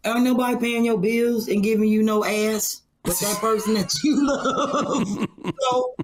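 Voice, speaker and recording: A woman's voice: on the high side, fairly even intonation, a little slow. A woman in her forties in casual chat, talking bluntly and brashly, with plenty of swearing. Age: 40s.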